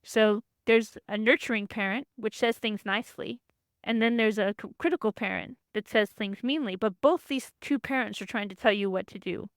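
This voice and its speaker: A woman's voice: mid-range voice, normal speed, no echo, clean studio sound. A woman presenting a workshop lesson, explaining ideas in a conversational lecture and sometimes acting out quoted voices. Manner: acts out quoted voices, frequent restarts.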